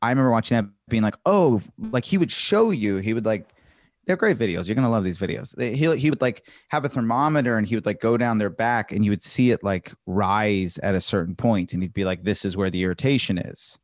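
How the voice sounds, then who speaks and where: Comedian guy rambling excitedly, kinda low voice, dry mic. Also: a little fast, no echo. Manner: enthusiastic storyteller, heavy on "like" fillers. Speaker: podcast guest, comedian. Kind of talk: casual chat.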